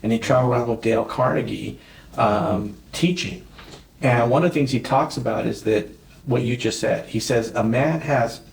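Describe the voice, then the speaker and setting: Gravelly-voiced man telling sales stories. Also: medium pitch, normal speed. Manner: animated, acts out conversations. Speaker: real estate expert, podcast guest. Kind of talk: storytelling interview talk. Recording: roomy echo.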